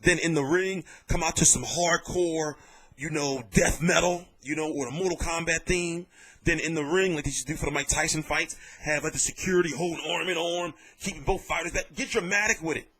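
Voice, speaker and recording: A man giving casual vlog commentary on boxing, telling it in an animated, jokey and profane way. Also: fairly high pitch, normal speed, husky.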